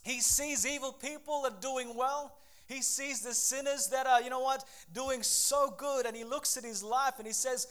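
A man's voice: very high-pitched, normal speed. A man preaching a sermon to his congregation, acting out the people he quotes and calling out to the room. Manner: animated preaching, acts out the speakers he quotes, calls out to the congregation. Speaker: pastor.

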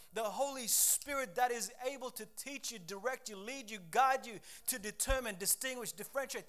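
A man's voice: very high voice, fairly bright tone. A man preaching a sermon as pastor, reading scripture and building to fervent exhortation. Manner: preaching with rising intensity, quoting scripture.

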